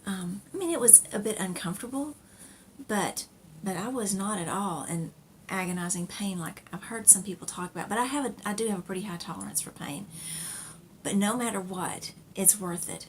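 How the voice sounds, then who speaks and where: A middle-aged woman tells a personal story in a loose, rambling way, full of fillers, restarts and small laughs. Her voice sits at an ordinary pitch for a woman. A faint background hiss runs under the home recording. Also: moderate pace. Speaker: knitting podcast host.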